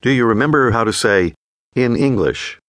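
A man narrating a language course in a clear, patient, scripted teaching voice. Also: medium pitch, expressive, normal speed, fairly bright tone, no room sound. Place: recording studio.

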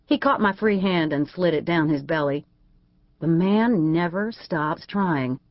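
A woman narrating a first-person audiobook in a lively, wry storytelling manner. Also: fairly low pitch, a little slow, no echo, highs cut off.

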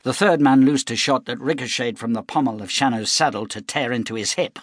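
A man narrating an audiobook in measured, dramatic storytelling. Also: medium pitch, no echo, studio quality. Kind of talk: scripted narration.

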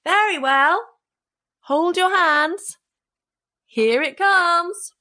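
A woman's voice: mid-range voice, sing-song, moderate pace, husky, dry recording, studio quality. A woman voicing a tiny, mischievous boy hero in an audiobook, with a perky, cheeky manner. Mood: bawling. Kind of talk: audiobook character reading.

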